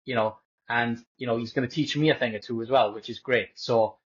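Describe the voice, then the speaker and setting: A man chats easily on a sports podcast, often pausing and filling gaps. His pitch is mid for a man, and the recording sounds dull and lo-fi. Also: steady tone, breathy edge. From Wales. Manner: easygoing, hesitant, many fillers. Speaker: podcast co-host. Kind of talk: casual sports podcast chat. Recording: dull lo-fi audio.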